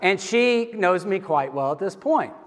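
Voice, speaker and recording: Man, middle-aged, pastor, conversational sermon, higher pitch, long reverb. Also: lively intonation, a little slow. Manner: conversational, candid storytelling.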